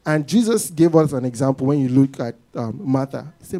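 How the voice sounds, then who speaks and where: A man preaching a sermon to a congregation in an animated way, often acting out what people say. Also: medium pitch, fairly quick, hardly any pauses.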